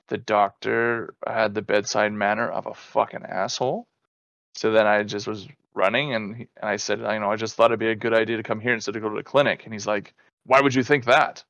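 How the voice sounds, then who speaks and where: This podcast co-host is a man in his thirties whose gravelly voice sits lowish and moves at a quick pace. The audio is dull but has no echo. In the casual chat he tells stories with plenty of swearing and acts out quotes with animation.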